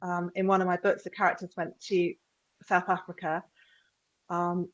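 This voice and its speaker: A woman's voice: fairly low pitch, monotone, moderate pace, dull audio. A woman author thinking aloud in an easygoing way on a panel over a video call. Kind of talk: casual panel discussion.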